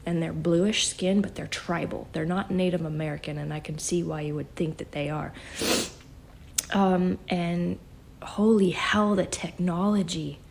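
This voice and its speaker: Shaken woman, halting half-whispers, gravelly. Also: fairly low pitch, steady tone, darkish tone, a little hiss or hum. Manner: halting, often drops to a whisper. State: shaken and emotional. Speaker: self-described psychic vlogger. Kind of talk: emotional spoken channeling.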